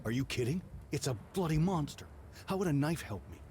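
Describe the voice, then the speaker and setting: An actor playing a frightened man trapped with a monster, speaking in a subdued, quiet voice even while panicking. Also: a little high, brisk, a little hiss or hum, lightly acted. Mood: panicked. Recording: game audio with loud music.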